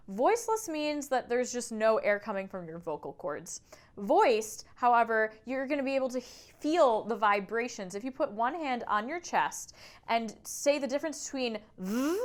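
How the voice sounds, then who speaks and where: Woman vocal coach, video lesson; upbeat, demonstrates sounds, smooth clear tone. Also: fairly high pitch, fairly bright tone. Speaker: singing teacher.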